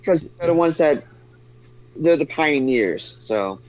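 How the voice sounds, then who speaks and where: A man's voice: on the high side, animated, takes it slowly. A man chiming in as an off-mic co-host, speaking hesitantly with stammered restarts. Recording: dull lo-fi sound, away from the mic.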